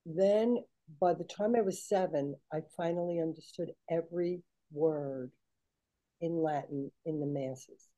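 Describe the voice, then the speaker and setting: Chatty older woman with a dark voice. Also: deep voice, measured pace, low-quality recording. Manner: animated, chatty, acts out quoted voices. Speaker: guest. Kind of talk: casual storytelling chat.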